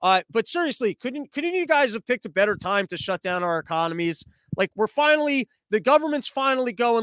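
Profane, rambling high-voiced man. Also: very animated, fairly quick, fairly bright tone, clean tone, dry recording. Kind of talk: comedic political rant.

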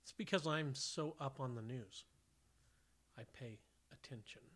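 A man co-hosting a casual podcast. His voice is bright with a husky edge. He answers briefly and adds dry, sarcastic quips. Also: mid-range voice, unhurried. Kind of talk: casual chat.

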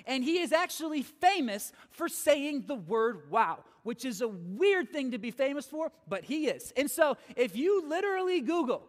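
A man preaching a sermon as pastor in a church, energetic and repetitive, often checking in with his listeners. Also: very high voice, moderate pace, few pauses. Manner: energetic, repeats phrases, checks in with "okay?". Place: church hall. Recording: long hall reverb.

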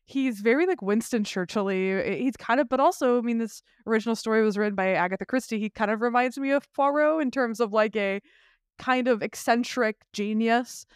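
A man's voice: very high voice, a little fast, clean tone, dry recording, clean studio sound. A man co-hosting a film podcast, chatting casually and animatedly with lots of restarts and the odd swear. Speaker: podcast co-host.

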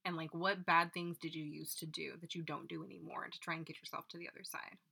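A woman's voice: sits low, level tone, fast, creaky, pushed and bright, slightly rough. A woman hosting a casual chat, supportive and asking questions, often humming agreement. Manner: supportive, asks questions, frequent affirming hums.

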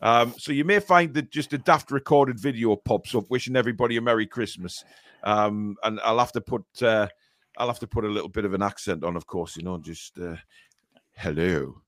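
A man's voice: medium pitch, a little fast, fairly bright tone, no echo. A man hosting a fan podcast in casual live chat, rambling and teasing with plenty of hesitations. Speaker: podcast host.

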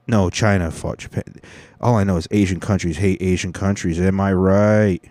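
Low, mellow man riffing on the news. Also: steady tone, moderate pace, no room sound. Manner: sarcastic, reads aloud and interrupts with jokes. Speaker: commentator reacting to a news article. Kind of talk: casual profane commentary.

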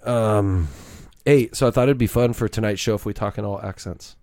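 A man's voice: on the low side, normal speed, a little mellow, no room sound, studio quality. A middle-aged man hosting a podcast, talking in a laid-back, rambling, casual way. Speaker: podcast host, father.

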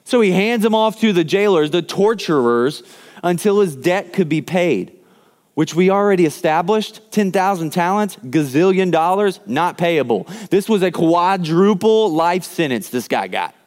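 A man delivers a sermon, retelling a story with lively swings in his voice. His pitch sits a little high for a man, and he voices the quoted lines with dramatic emphasis. A long reverb trails behind him, as in a large church hall. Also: a little slow. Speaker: pastor.

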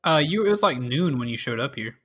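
A man narrating a tabletop game as game master, relaxed and full of fillers. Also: mid-range voice, fairly quick, husky.

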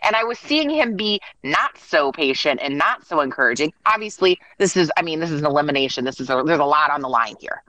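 A woman chatting casually as a podcast co-host, talking in quick bursts with plenty of "like" and acting out what others said. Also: sits low, animated, bright, forceful tone, no echo, rough recording. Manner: chatty, lots of "like" and restarts, acts out quotes. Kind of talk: casual chat recapping a reality show.

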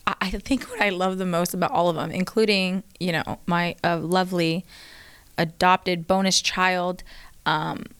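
A woman in her thirties, co-hosting a casual chat and telling animated stories about her kids. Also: on the low side, measured pace, clean tone. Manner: chatty storyteller, animated quoted voices. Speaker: co-host.

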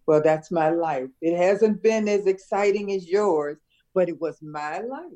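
An older woman, a retired schoolteacher from Chicago, reminiscing in a relaxed conversation and laughing often. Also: lowish voice, a little slow. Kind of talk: casual conversation.

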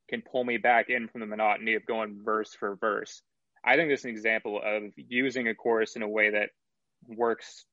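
A man's voice: mid-range voice, a bit bright, no echo. Podcast guy mulling over a song, slightly muffled, dry sound. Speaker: podcast co-host. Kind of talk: casual music review chat.

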